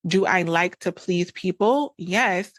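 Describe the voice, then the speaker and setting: A woman's voice: lowish voice, slow, fairly bright tone, no room sound. A woman hosting an advice podcast, talking frankly and conversationally, repeating phrases for emphasis. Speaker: podcast host and coach. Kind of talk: casual advice monologue.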